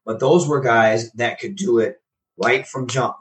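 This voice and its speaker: A man's voice: medium pitch, measured pace, far from the mic, a little hiss or hum, poor audio. A man, a professional wrestler, casually telling stories in an interview and animatedly acting out the conversations he recounts. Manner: animated, acts out quoted exchanges.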